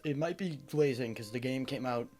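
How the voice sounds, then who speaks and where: A man streaming a video game who chats casually and jokes with his chat in an animated, rambling way. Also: medium pitch, moderate pace, soft background music.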